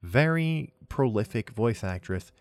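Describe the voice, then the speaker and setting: A young adult man hosting a solo gaming news podcast. He talks in a relaxed, chatty way, often trailing off and restarting, and chuckles at himself. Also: mid-range voice, unhurried, no echo. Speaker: podcast host.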